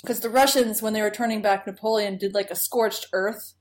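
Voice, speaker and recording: A woman's voice: medium pitch, steady tone, brisk. A woman co-hosting a podcast, chatting enthusiastically through an episode recap. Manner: chatty, enthusiastic, laughs often. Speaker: podcast co-host. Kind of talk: casual recap chat.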